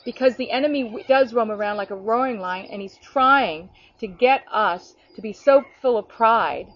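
A woman's voice: fairly high pitch, normal speed, no echo. Earnest woman preaching over dull online audio. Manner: earnest and conversational, with many restarts and acted-out quotes. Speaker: preacher leading an online ministry group. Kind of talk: informal spoken sermon.

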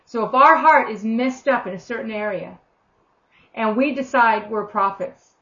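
A woman's voice: fairly high pitch, moderate pace, a bit bright. Earnest woman preaching, lo-fi sound. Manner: earnest, conversational, acts out quoted voices. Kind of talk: informal sermon teaching.

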